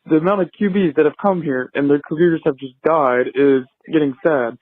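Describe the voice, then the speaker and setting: A man's voice: a little high, moderate pace, no room sound. A man calling in to a sports show, angrily listing one complaint after another. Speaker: caller. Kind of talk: phoned-in rant. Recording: tinny phone line.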